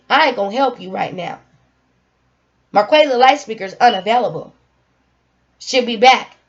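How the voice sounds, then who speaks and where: Young woman vlogger, high voice, venting and motivational, on a muffled lo-fi recording. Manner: emphatic, venting, informal. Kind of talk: casual talk to camera.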